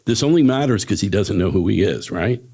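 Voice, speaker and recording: Chuckling gravelly man teaching meditation. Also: on the low side, expressive, a little fast, warm tone. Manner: casual, chuckling, rambling storyteller. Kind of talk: spiritual teaching talk with storytelling. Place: ashram talk.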